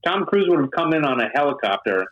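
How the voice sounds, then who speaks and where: A man in a casual movie discussion, lively and laughing, often chiming in with agreement. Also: fairly high pitch, quick pace, muffled recording.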